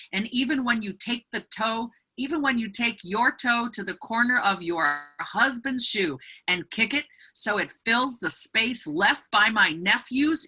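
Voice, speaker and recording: A woman's voice: medium pitch, breathy edge. A woman author speaking as a guest over a video call, animatedly telling a story and reading from her book. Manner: animated, acts out other people's voices.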